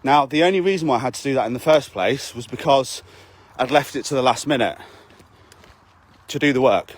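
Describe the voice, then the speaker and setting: A man's voice: medium pitch, fairly quick. A man, a fitness coach, giving a blunt, sweary motivational talk to his camera while out walking, often asking "okay?". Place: outdoors on a walk.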